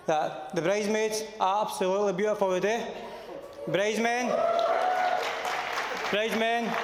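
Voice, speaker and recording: A man's voice: high-pitched, noisy background. A young Scottish man, the best man, giving a teasing, joking speech and mimicking voices in his stories. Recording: echoey hall with crowd. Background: crowd.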